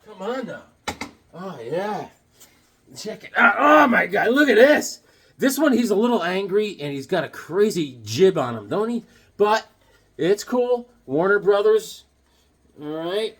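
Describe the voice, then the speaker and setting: A middle-aged man vlogging casually, excitable and joking as he talks straight to the viewer. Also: sits high, a little slow, husky. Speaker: comic collector vlogger. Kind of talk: casual show-and-tell vlog.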